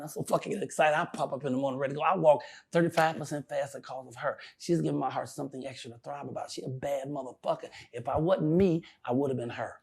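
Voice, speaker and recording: An older male comedian telling stories in a casual interview, profane and animated, often laughing. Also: mid-range voice, gravelly, husky.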